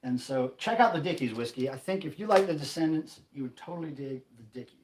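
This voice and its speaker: A man hosting a casual livestream, telling a rambling, animated story. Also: on the high side, fast, roomy sound, a little hiss or hum, poor audio. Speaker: livestream host.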